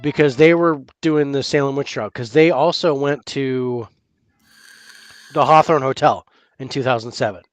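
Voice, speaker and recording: A man co-hosting a casual chat over drinks, talking in a halting way and repeating words as he thinks. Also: medium pitch, dry recording, soft background music. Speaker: podcast co-host.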